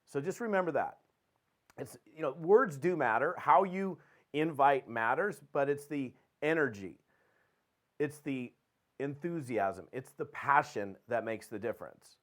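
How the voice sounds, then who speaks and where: A man hosting a podcast, giving an energetic motivational training talk and acting out quick phone calls. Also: medium pitch. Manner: animated, acts out phone calls with quick dialogue. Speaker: podcast host and network marketing trainer.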